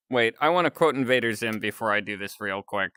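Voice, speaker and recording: A man's voice: on the low side, animated, moderate pace, pushed and bright, smooth, no echo, studio quality. A man chatting casually on a live stream, rambling and chuckling between remarks.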